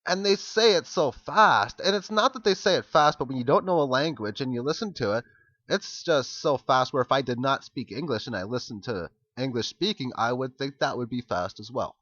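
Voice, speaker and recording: A man's voice: mid-range voice, lively intonation, fairly bright tone, no echo. Rambling man on a dull lo-fi recording. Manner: rambling, halting, unsure with foreign words. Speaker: video blogger. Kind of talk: casual screen walkthrough commentary.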